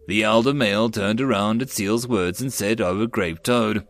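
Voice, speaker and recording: A man's voice: lowish voice, measured pace, hardly any pauses, no room sound. Man reading an audiobook, dry and close. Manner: steady storytelling narration. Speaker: audiobook narrator. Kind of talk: fan audiobook reading of a web novel.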